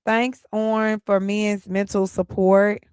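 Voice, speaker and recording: A woman's voice: medium pitch, little pitch movement, slow pace, darkish tone, clear, resonant tone, dry recording, clean studio sound. A woman hosting a live call-in stream, inviting viewers to join and repeating her instructions in an upbeat, chatty way. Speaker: livestream host.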